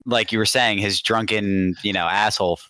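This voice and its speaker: A man on a podcast chiming in casually, with halting restarts. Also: on the low side, steady tone, bright, forceful tone, clean tone, no echo. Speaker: podcast co-host. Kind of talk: casual chat.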